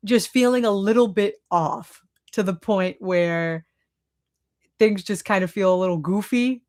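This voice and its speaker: A woman's voice: medium pitch, unhurried. A woman with a Boston accent chatting casually on a live stream, reading and answering chat with lots of fillers. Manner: chatty, many fillers, laughs often.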